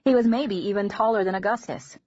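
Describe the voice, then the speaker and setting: A woman narrates an audiobook in a measured, gentle storytelling manner. Her voice sits at a middle pitch. The recording is dry and close, with a slightly dull, lo-fi tone. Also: dry recording.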